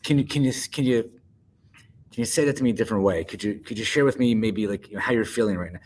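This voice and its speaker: A man with a fairly low voice speaks thoughtfully in a casual podcast chat. He often repeats words while he works out what he means. A faint hiss of noise sits behind him. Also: fast, a little mellow. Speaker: co-host.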